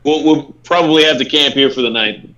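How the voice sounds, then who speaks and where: Halting male tabletop player. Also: fairly high pitch, pushed and bright, dull audio. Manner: halting, with restarts. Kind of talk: playing a tabletop game.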